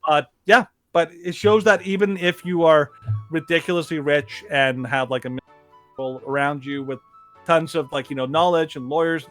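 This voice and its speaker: A man's voice: on the high side, normal speed, fairly bright tone, faint music behind. A man co-hosting a podcast, chatting casually and rambling with lots of filler words. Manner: rambling, heavy on fillers like "like, you know". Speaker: podcast co-host. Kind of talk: casual chat.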